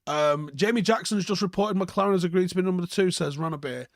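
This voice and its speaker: A man's voice: sits high, fast talker, dry recording, studio quality. A young man hosting a casual live stream, reading out chat comments and rambling with lots of ums and swearing. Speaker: fan channel host reading live chat.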